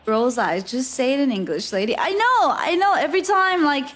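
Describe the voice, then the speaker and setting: A woman's voice: sits high, animated, fairly quick, a bit bright, faint music behind. A woman streamer telling a travel story in casual live-stream chat, laughing often and filling her talk with "like". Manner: chatty, laughs often, lots of "like" fillers.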